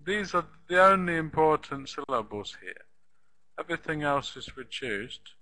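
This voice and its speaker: A man's voice: fairly high pitch, expressive, normal speed, pushed and bright, rough recording. A man teaching pronunciation in a live online class, patiently repeating example sentences and asking the students questions.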